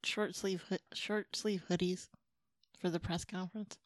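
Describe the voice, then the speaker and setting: A woman's voice: on the low side, fairly even intonation, unhurried, dry recording, studio quality. A woman from New England co-hosting a casual podcast, upbeat and pushy, reading out listener mail. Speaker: podcast co-host. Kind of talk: casual chat.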